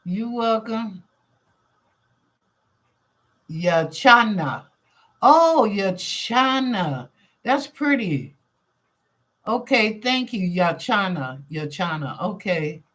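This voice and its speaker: A lively woman hosting a live-streamed psychic reading show, with a middle-range voice. She talks in a chatty, casual way and uses street slang as she reads out viewers' questions and answers them. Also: medium pitch, drawn-out words, pauses often. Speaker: psychic reader and show host.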